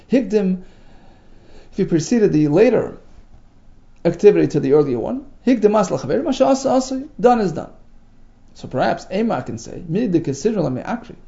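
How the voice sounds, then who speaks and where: A man's voice: sits high, gravelly, warm tone, lo-fi sound. A man giving a Talmud class, reading Aramaic phrases and explaining them in English with emphatic delivery. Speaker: Talmud teacher.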